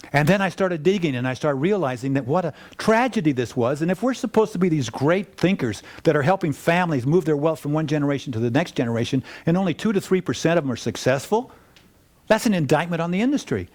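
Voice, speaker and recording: An older man giving a casual storytelling talk to an audience about his work in wealth planning, rambling and animated, with restarts and asides. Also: fairly high pitch. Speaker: wealth planning firm founder.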